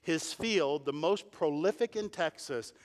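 A man's voice: measured pace, big-room sound. A man pastor preaching a sermon, explaining verses and building to emphatic points. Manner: emphatic preaching, rising in pitch and volume at key points.

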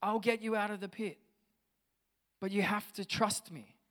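A man voicing God as a calm, reassuring voice from above. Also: high voice, normal speed, voice pushed up.

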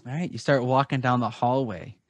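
A man narrating as game master of a tabletop game, rambling with many pauses. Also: medium pitch, no echo.

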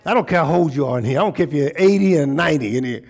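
A man preaching a call-and-response sermon as pastor in a church, swinging from shouting excitement to a low, hushed prayer voice. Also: rapid-fire, breathy edge. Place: church sanctuary.

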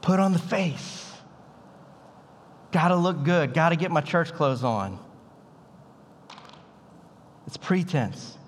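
A man's voice: a little high, expressive, slow, long pauses, big-room sound, a little hiss or hum. A man preaching a sermon as a pastor, in a casual, conversational way with bits of slang. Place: church sanctuary.

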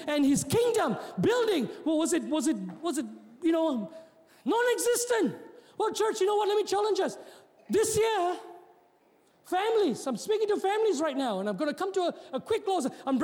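A man preaching a sermon as pastor, mixing jokes with rousing calls and often repeating and restarting his words. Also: very high voice. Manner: preaching with joking asides, rising to shouts. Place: church hall. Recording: long hall reverb.

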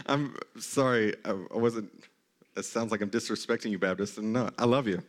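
Animated conversational pastor, mid-pitched man. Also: a little fast. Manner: conversational, animated, mock-incredulous asides. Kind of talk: sermon. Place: church sanctuary.

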